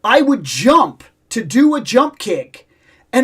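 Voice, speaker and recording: A middle-aged man hosting a casual chat, telling a nostalgic story in an animated way, with loud exclamations and low asides. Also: slow, husky. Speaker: host.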